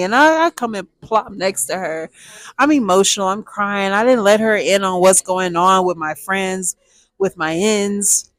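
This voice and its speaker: A young woman, telling a personal story to viewers in a lively, chatty way. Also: mid-range voice, normal speed, no echo. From Texas, USA. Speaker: storytime vlogger.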